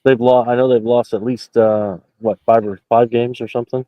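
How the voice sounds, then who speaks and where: A man's voice: mid-range voice, level tone, normal speed, no echo. A man calling in from a basketball arena right after a game, giving loose postgame analysis with lots of fillers and restarts. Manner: rambling, many fillers and restarts. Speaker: basketball reporter. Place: basketball arena, just out of the locker room. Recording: dull lo-fi call audio.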